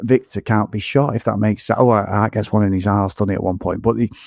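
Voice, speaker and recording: A man co-hosting a podcast, talking through a film in an excitable, sweary, rambling way with many restarts. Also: fairly low pitch, fast, creaky, no echo, clean studio sound. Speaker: podcast co-host. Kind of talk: casual film review chat.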